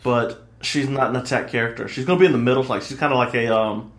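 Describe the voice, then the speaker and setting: A man co-hosts a casual gaming podcast from an echoey room, his voice sitting at an ordinary middle pitch. He tells his stories in an excitable, swearing-heavy rush, and the room rings around him. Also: fast. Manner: excitable, profane storyteller. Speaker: podcast co-host. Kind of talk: casual chat.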